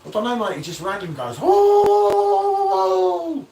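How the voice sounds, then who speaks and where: A man's voice: sits high, sing-song, quick pace, fairly bright tone. A man hosting a casual live beer-review stream, bantering and reading out viewer comments. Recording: echoey room, distant from the mic.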